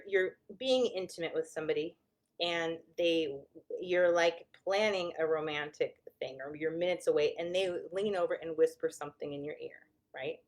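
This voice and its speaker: A woman therapist speaks in a low, grounded voice, talking straight to her viewers. Her delivery is conversational and candid, and she often restarts her sentences as she works out how to explain things. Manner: conversational, self-correcting, candid.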